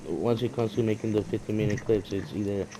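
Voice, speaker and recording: A man's voice: fairly low pitch, fairly even intonation, fairly quick, noisy background. A man in casual chat with friends, laid-back and agreeing. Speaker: gamer.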